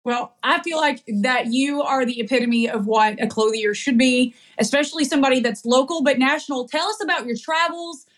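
A woman hosts a casual podcast interview with a high, bright-pitched voice. She is enthusiastic and quick to laugh as she asks her questions. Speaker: podcast host.

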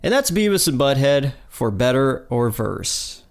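A man's voice: medium pitch, very animated, unhurried, vocal fry, faint music behind. Man narrating an episode recap. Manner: plain retelling with quoted lines. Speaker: podcast host.

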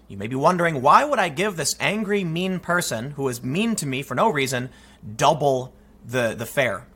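A man in his thirties hosting his own channel, talking through commentary and telling a story with animated delivery. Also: on the high side, breathy edge. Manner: animated storytelling, acts out quoted voices. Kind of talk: monologue commentary.

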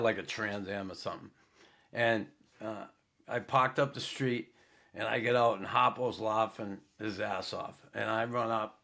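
Middle-aged male podcast host, casual profane storyteller, mid-pitched voice. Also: gravelly, bright, forceful tone. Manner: laid-back, profane, lots of fillers.

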